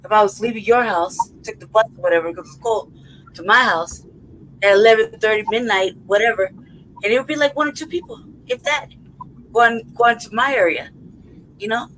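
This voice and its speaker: A woman's voice: on the high side, moderate pace, fairly bright tone, a little hiss or hum, poor audio. A woman hosting a podcast, telling a rambling, profane story in casual chat. She keeps checking in with "right?" and "you know what I mean?" and laughs as she goes. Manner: laughs through her story. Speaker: podcast host.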